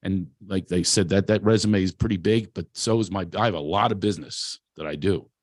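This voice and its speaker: This man speaks a little low, confessional and self-deprecating as he tells stories from his own life. His talk is loose and full of restarts, like an unscripted motivational speech. The sound is dry and close, with almost no room in it. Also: fairly quick, no room sound. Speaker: producer and speaker at a talent event. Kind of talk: candid motivational storytelling talk.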